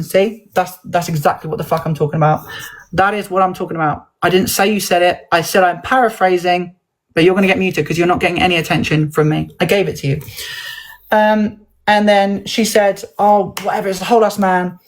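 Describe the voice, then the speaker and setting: A woman hosting a livestream, telling a heated story in a casual, animated way and acting out the voices of others. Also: fairly low pitch, brisk, rough recording. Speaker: livestream host.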